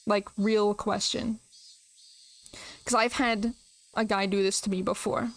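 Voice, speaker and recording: Young woman streamer rambling between visual novel lines, gets emotional, says like a lot. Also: medium pitch. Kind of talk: casual chat while reading a visual novel aloud.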